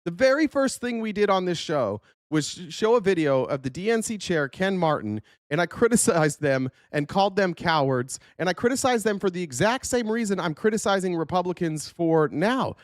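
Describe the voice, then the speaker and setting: A man's voice: sits high, very animated, moderate pace, few pauses, no echo, studio quality. A man hosting a political talk show, giving angry, profane, blunt commentary. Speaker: show host.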